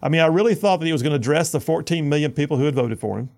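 Gravelly-voiced conservative talk radio host. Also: male voice, fairly high pitch, very fast. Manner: animated, repetitive, sarcastic. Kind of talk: opinionated talk radio monologue.

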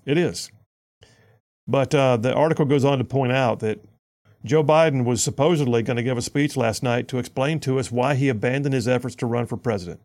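A male talk radio host with a gravelly voice at a middling pitch. He delivers an opinionated monologue in an animated, sarcastic way, often repeating himself as he builds a point. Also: fairly quick.

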